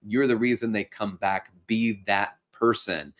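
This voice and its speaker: A man's voice: on the low side, steady tone, a little slow, fairly bright tone. A middle-aged man hosting a podcast, giving casual, upbeat coaching advice with a joking streak. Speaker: podcast host and fitness instructor.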